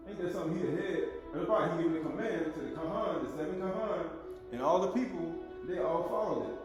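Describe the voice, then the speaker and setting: A man's voice: high-pitched, quick pace. Echoey man teaching scripture over music. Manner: conversational, folksy, asks rhetorical questions. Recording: echoey room with music underneath. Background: instrumental music.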